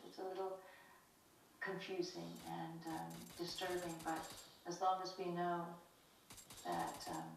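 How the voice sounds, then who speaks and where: Mulher americana, entrevistada de documentário, fala intensa e sincera com recomeços, voz um pouco grave, som ecoante e distante. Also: female voice, on the low side, vocal fry. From United States. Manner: earnest, impassioned, with halting restarts. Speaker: interviewee. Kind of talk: documentary interview. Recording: echoey, distant, slightly noisy.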